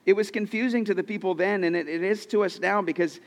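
A man's voice: high voice, fast talker. A man preaching a sermon as a pastor, earnest and storytelling, with frequent repeated phrases.

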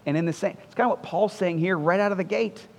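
A male pastor with a high-pitched voice gives an earnest, conversational sermon. He leans on repeated phrases to drive each point home. His voice rings with the long reverb of a church hall. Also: fast, highs cut off.

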